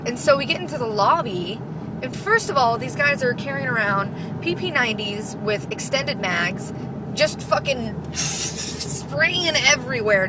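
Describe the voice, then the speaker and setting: A woman's voice: fairly high pitch, very noisy. A young woman vlogger ranting casually, profane, sarcastic and exasperated. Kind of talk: casual rant.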